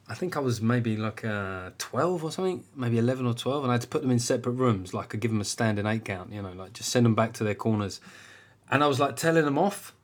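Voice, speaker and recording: A man in his forties hosting a podcast, talking bluntly and casually with lots of swearing and "right?" tag questions. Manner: restless pitch jumps when emphatic. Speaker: podcast host.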